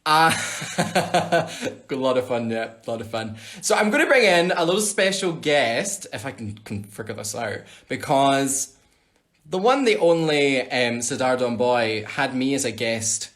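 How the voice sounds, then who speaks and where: A man's voice: medium pitch, lively intonation, unhurried, fairly bright tone. A Scottish man hosting a casual live Q&A on his phone, chatting playfully and reading out viewer questions. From Scotland. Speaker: livestream host answering fan questions.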